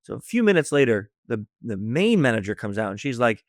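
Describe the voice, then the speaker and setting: An American man sits close to a dry, dead microphone and tells his story with real relish. His voice is mid-pitched, and he keeps jumping up and down in tone to act out each person in the tale. He laughs easily as he goes. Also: fairly quick, no room sound. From United States. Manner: lively storyteller acting out dialogue, laughs often. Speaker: guest, social engineer. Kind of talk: animated storytelling in a podcast interview.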